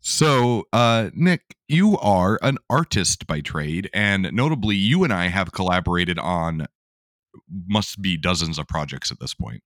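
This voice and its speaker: A man hosting a podcast interview, with a smooth radio-announcer delivery. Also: low-pitched, lively intonation, unhurried, a bit bright, dry recording, studio quality. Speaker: podcast host.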